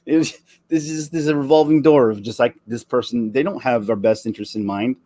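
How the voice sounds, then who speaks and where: A man in his forties delivering an earnest, emotional opinion rant, halting and restarting his sentences. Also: mid-range voice, warm tone. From Canada. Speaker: vlogger.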